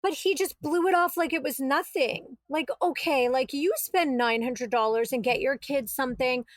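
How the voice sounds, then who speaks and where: A woman, a podcast guest, telling her story in a casual, animated way and acting out what was said. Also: sits high, moderate pace, no echo. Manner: animated, quotes herself and others, exasperated retelling.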